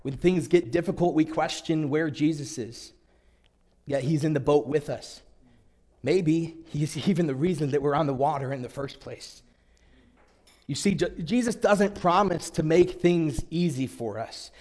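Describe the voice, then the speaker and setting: A man preaching a sermon, reading scripture aloud in an earnest way with dramatic pauses. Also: a little high, darkish tone.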